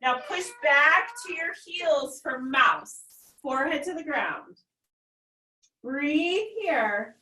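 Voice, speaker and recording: A woman teaching a children's yoga class, giving gentle, instructive breathing cues with playful animal noises. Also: sits high, animated, slow. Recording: echoey room, far from mic.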